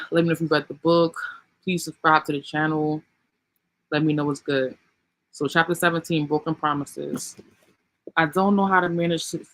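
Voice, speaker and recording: A man's voice: fairly high pitch, fairly bright tone, poor audio. A man hosting a channel, casually reading a book aloud and adding his own commentary, often saying um and you know.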